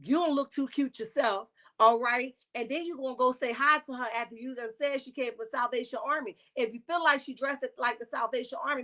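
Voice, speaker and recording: A woman, recapping a reality show on a casual livestream with sassy, animated asides. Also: high-pitched.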